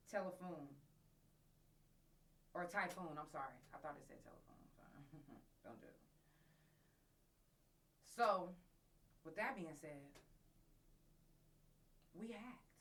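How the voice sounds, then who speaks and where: A woman's voice: fairly low pitch, fairly bright tone, distant mic. A woman hosting her own podcast, talking in loose, profane, slang-filled storytelling. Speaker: podcast host. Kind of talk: casual solo podcast talk.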